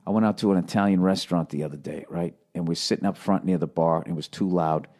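A comedian and podcast host telling a story in casual, profane speech with an American accent. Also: male voice, low voice, fast talker. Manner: profane, animated, conversational.

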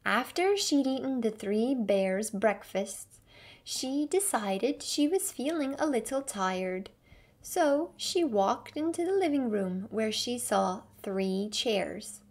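A woman reading a fairy tale aloud slowly and carefully for English learners. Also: fairly high pitch, animated, darkish tone. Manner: clear, careful storybook reading. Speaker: English teacher reading a story.

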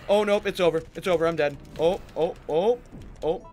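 A man's voice: high-pitched, moderate pace, darkish tone. A man playing a survival horror game, pleading and swearing as he commentates. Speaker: gaming YouTuber. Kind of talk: let's play commentary.

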